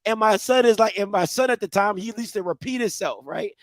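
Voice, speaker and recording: A man co-hosting a podcast, telling rambling, animated comic stories. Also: sits high, a little fast, no echo. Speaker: podcast co-host. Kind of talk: comedic storytelling.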